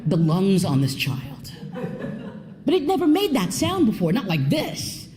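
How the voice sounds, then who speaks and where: A woman telling a folk tale on stage, expressive, swooping in pitch and dropping to a hush. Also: unhurried, crowd noise. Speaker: storyteller. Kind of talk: live storytelling performance. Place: theater stage before an audience.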